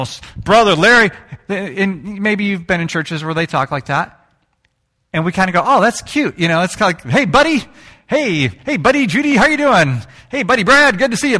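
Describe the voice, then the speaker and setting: Bright-voiced man preaching a sermon. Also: fairly high pitch. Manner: conversational, with playful put-on greetings. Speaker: pastor.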